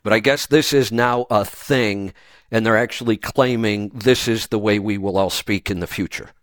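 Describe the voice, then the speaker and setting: A man hosting a radio show in casual chat, opinionated and talking quickly with many restarts. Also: fairly low pitch, a bit bright, no echo. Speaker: radio host.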